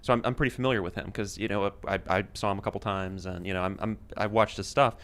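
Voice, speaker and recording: A man chatting as a guest on a political talk show, talking quickly with many restarts and a wry tone. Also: fairly low pitch, fairly even intonation, fairly bright tone. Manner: rapid, stumbling restarts, wry. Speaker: guest commentator. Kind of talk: casual political chat.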